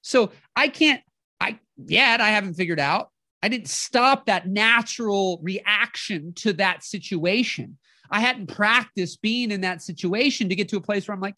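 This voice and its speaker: A podcast host giving a motivational talk in an animated way, often acting out inner voices and checking in with the listener. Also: medium pitch, unhurried, no echo, studio quality. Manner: animated, acts out inner voices, keeps asking "right?".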